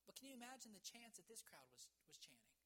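A woman's voice: fairly high pitch, very animated, bright, forceful tone, slightly rough. Earnest woman preaching an evening sermon. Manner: earnest, reads scripture slowly and dramatically.

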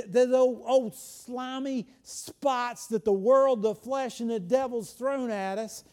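High-voiced conversational male preacher. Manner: conversational, frequent rhetorical questions, swings from loud to hushed. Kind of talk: sermon. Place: church.

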